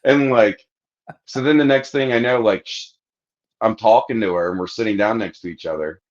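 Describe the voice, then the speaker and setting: A man's voice: lowish voice, normal speed. A man on a podcast telling a rambling, crude anecdote in casual chat, acting out the lines of the people in it. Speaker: podcast host. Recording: dull lo-fi podcast audio.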